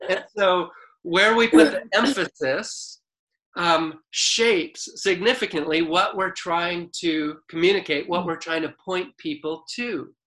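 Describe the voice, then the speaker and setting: A man preaching a sermon in a relaxed, conversational way, reading scripture slowly and deliberately. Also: sits high, poor audio. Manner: unhurried, conversational preaching with a few restarts. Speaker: pastor.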